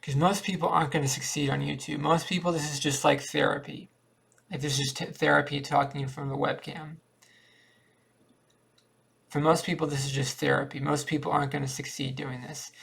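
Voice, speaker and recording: A man's voice: a little high, little pitch movement, fairly quick, gravelly, a bit bright, husky. A man rambling in a downbeat, repetitive confessional monologue to a cheap webcam at home. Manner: downbeat, repetitive, thinking aloud. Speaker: vlogger.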